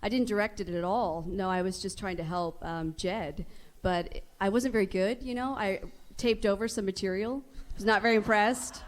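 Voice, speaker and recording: A woman's voice: medium pitch, moderate pace. Self-deprecating woman chatting on stage. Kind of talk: casual stage chat.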